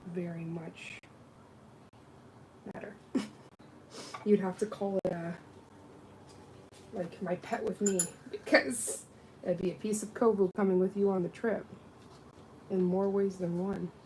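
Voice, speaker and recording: This nail technician takes things slowly on her livestream, leaving long pauses as she does nails and chats casually with lively quoted voices. Her pitch is medium, and the low-quality recording has a little hiss or hum.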